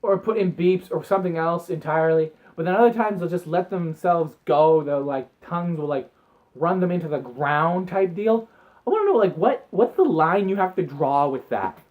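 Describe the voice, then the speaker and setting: A man chatting to camera in a casual vlog, telling rambling, excitable stories and acting out the moments as he goes. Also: on the high side, moderate pace, phone-quality sound. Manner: rambling, excitable storytelling with acted-out asides. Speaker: vlogger.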